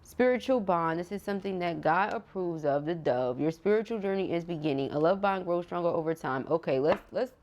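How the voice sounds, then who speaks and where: A tarot reader speaks to camera in a low, relaxed woman's voice. She is chatty and open with feeling, laughs often and addresses her viewers directly, with features. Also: a little fast, hardly any pauses, lo-fi sound. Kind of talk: casual tarot reading to camera.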